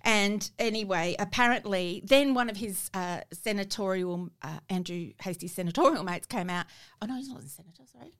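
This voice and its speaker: A woman's voice: medium pitch, fairly quick, a bit bright, clear, resonant tone. A woman co-hosting a podcast, talking politics in a chatty, wry way. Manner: chatty, wry, trails off and restarts. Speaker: podcast co-host. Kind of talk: casual political chat.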